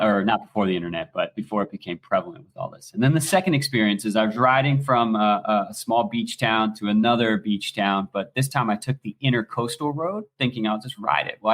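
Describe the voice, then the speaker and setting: A man in his forties with an American accent tells stories in a casual, animated way, and he swears freely. His voice sits somewhat low. He sounds like a guest on a podcast. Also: fairly quick, hardly any pauses. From United States. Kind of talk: casual storytelling.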